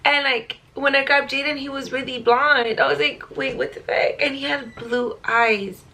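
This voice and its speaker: Young woman vlogger from California, casual storytime delivery, gravelly fry, slightly high voice, chatty with filler words. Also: fairly even intonation, unhurried, sharp tone, a little hiss or hum. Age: young adult. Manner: chatty, many likes and ums, swears casually. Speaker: vlogger telling her life story.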